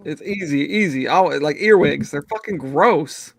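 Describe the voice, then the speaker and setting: A man's voice: fairly high pitch, animated, measured pace, vocal fry. A man in a casual podcast chat, laughing often and reacting crudely.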